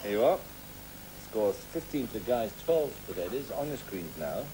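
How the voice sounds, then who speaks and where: A man hosting a TV game show, brisk and jovial as he calls turns and scores, on an old broadcast tape. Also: lowish voice, sing-song. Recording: 1980s TV broadcast with studio audience and tape noise.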